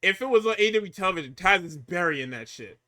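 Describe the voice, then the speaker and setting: A man co-hosting a casual, profane talk show, recapping wrestling and swinging between hyped outbursts and low muttering. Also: animated, fast talker, pushed and bright. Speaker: podcast co-host recapping wrestling.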